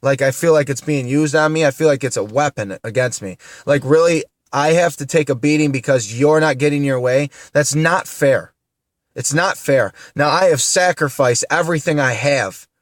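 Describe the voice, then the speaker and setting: A man's voice: mid-range voice, brisk, hardly any pauses, no echo, studio quality. A man in his thirties from upstate New York, venting to the camera in an upset, indignant way, tearful and repeating himself. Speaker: vlogger.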